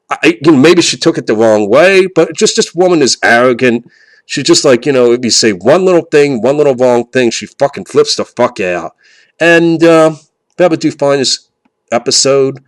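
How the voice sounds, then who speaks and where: A man's voice: mid-range voice, no room sound. A man vlogging in a casual, rambling way, full of fillers and restarts and growing indignant as he talks.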